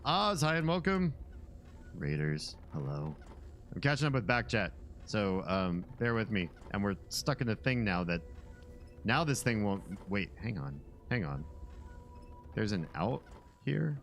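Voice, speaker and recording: Low-voiced rambling male streamer. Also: very animated, measured pace, fairly bright tone, faint music behind. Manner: rambling, sardonic. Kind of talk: casual gameplay commentary.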